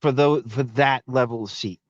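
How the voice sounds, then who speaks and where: A man hosting a podcast in casual chat, sardonic and quick with asides. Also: medium pitch, steady tone, dry recording. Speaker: podcast host. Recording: dull dry lo-fi sound.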